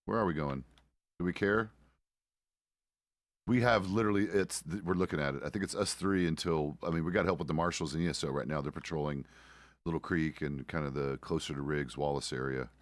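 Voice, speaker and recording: Low-voiced middle-aged male streamer. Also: a little fast, dry recording. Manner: rambling, self-correcting, casual swearing. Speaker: streamer playing a deputy. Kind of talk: casual roleplay stream chat.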